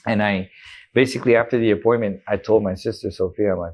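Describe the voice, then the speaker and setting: A man's voice: lowish voice, steady tone, fast talker, a little mellow. A man in his thirties, a guest in an interview, candidly retelling a personal story with emotion and quoted dialogue.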